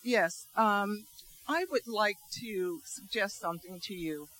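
An audience member asking the guest a question, speaking in a hesitant, halting way. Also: mid-range voice, sharp tone, slight background noise, low-quality recording.

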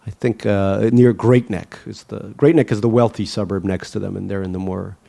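A man's voice: on the low side, steady tone, normal speed, gravelly, mellow. A Russian-born man, an author, answering interview questions in a wry, musing way with frequent fillers and restarts.

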